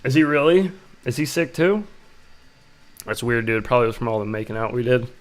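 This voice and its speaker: A man hosting a live stream, hoarse from losing his voice, greeting chat viewers by name in a laid-back way. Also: medium pitch, animated, fairly quick.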